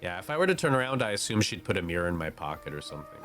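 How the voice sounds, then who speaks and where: Male let's-play host; low, animated, wry asides over quiet game music. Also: very fast. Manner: wry, swearing, reactive. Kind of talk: casual game commentary.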